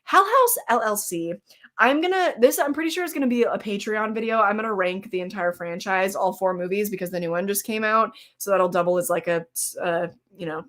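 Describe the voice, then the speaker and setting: Her mid-range voice is a bit bright and a little fast, with few pauses, as she rambles about horror movies on a casual live stream. Between bites of snacks she reacts to chat, using fillers and laughing.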